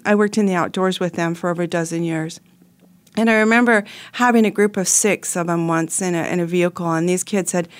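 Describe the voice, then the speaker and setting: Earnest middle-aged woman telling a story. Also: lowish voice. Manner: earnest, heartfelt, with many restarts. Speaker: host. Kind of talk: personal storytelling talk.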